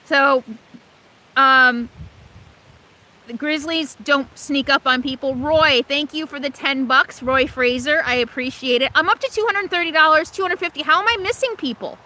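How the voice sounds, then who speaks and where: A woman's voice: sits high, normal speed, bright, forceful tone. A middle-aged woman hosting a casual live stream, chatting with viewers, thanking donors and answering questions with many fillers and restarts. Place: inside an RV or vehicle.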